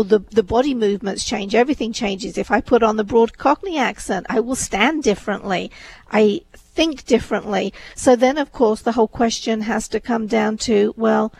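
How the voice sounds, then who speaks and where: A woman's voice: fairly high pitch, a little mellow, a little hiss or hum, poor audio. A woman, chatting thoughtfully in a discussion, with many "you know"s. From England. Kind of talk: casual discussion.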